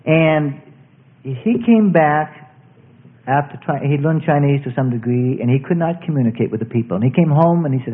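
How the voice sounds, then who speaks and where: A man preaching a sermon to his congregation, his voice sitting a little high and swinging widely up and down. He tells folksy, rambling stories, often restarting his sentences. The recording is thin and tinny, as if heard over a phone line. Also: very animated, fairly quick. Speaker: pastor.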